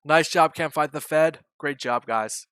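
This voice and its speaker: A young man giving loud, joking live commentary on his day trades, bantering and swearing with his chat. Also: on the high side, measured pace, clear, resonant tone, dry recording. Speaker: day trading streamer.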